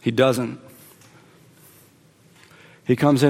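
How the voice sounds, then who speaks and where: A man delivers a sermon as pastor in a somewhat high voice, repeating key phrases for emphasis. His delivery swings between raised, forceful lines and quiet, hushed ones. The sound carries a long hall reverb. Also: animated, a little slow.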